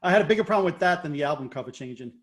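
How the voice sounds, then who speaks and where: A man's voice: a little high, expressive, rapid-fire. A man guesting on a podcast in casual chat, easygoing and self-deprecating.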